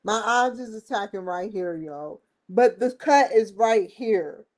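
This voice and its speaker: Speaking at a measured pace in a mid-range voice with lively intonation, this vlogger and show host talks to camera in a relaxed, chatty way. She frequently bursts out laughing while addressing her viewers.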